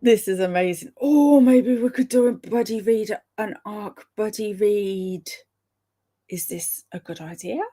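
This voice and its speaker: A woman chatting casually with live viewers, reading out their comments, chatty and excitable, with a gravelly voice. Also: medium pitch, measured pace. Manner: chatty and excitable, breaks into laughs and sudden whispers. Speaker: streamer reading live chat.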